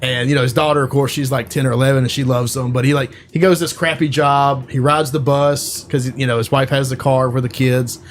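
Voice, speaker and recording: A man's voice: mid-range voice, flat delivery, brisk, hardly any pauses, soft background music. A man co-hosting a podcast, casually retelling a movie plot in a rambling way, full of "like" and "you know.". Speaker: podcast co-host.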